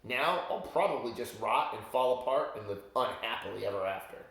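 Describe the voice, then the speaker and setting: A man's voice: sits high, very animated, slow, heavy reverb, voice pushed up, heavily acted, low-quality recording. A man voicing a polite, fretful young frog prince in a raised, eager voice, reading a storybook aloud. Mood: self-pitying.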